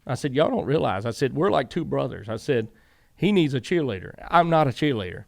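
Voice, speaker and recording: A man's voice: mid-range voice, a little fast, creaky. A man, a former crew chief and podcast guest, telling long stories in a casual interview and acting out what each person said. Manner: animated storyteller, acts out quoted dialogue.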